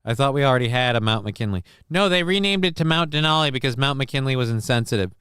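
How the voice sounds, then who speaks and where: A man's voice: medium pitch, animated, fast, a bit bright, clear, resonant tone, no room sound, clean studio sound. Crude joking male stream host. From northern United States. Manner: crude, joking, reads chat and news aloud. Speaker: show host. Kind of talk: casual live-stream commentary.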